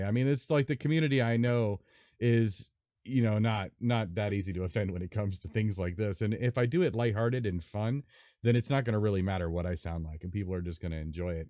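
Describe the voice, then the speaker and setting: A man hosting a casual gaming podcast, rambling and animated with lots of fillers. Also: lowish voice, quick pace, dry recording, clean studio sound. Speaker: podcast host. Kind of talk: casual chat.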